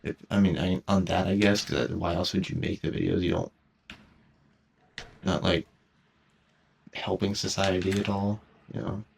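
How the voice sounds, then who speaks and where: Low gravelly young man, halting ramble. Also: lively intonation. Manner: hesitant, halting, many restarts. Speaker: gameplay commentator. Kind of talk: rambling casual commentary over gameplay. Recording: cheap mic, lo-fi home setup.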